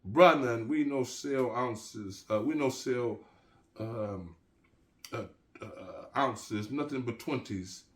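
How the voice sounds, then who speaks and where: A man's voice: mid-range voice, takes it slowly, pitched above the performer's own voice, close to an everyday voice. A man voicing a suspicious, sleepy-eyed male Jamaican weed dealer in a put-on patois.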